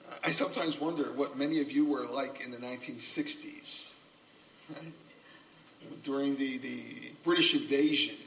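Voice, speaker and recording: Earnest pastor preaching from afar. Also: male voice, mid-range voice, normal speed, creaky, slight background noise. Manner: earnest, self-described subdued, gently humorous. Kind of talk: sermon. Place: church sanctuary. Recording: voice from a distance off the mic.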